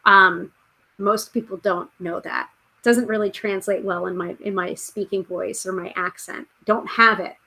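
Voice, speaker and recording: A woman's voice: mid-range voice, fairly even intonation, normal speed, bright, forceful tone. Woman, podcast host, casual chatty live-stream delivery, mid-range voice. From United States. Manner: chatty, reads out viewer comments, frequent fillers.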